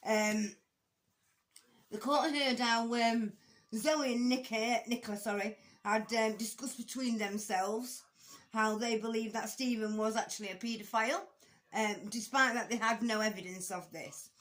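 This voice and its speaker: A woman's voice: on the high side, fairly even intonation, measured pace, fairly bright tone. A woman commenting casually on a court case, with frequent ums, restarts and blunt, conversational swearing. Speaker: true-crime commentator.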